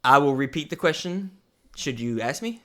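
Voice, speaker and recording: A man co-hosting a podcast in casual banter, playful and quick to laugh. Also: fairly high pitch. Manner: animated, laughs easily, playful. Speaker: podcast co-host.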